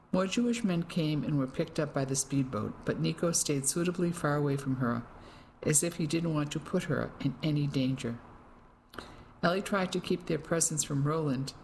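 A woman narrating an audiobook in a measured, dramatic way. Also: sits low, darkish tone, a little hiss or hum, poor audio. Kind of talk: scripted narration.

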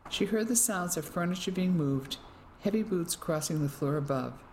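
A woman narrating an audiobook in a measured, dramatic way. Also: on the low side, lively intonation, a little mellow, slight background noise, rough recording. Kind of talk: scripted narration.

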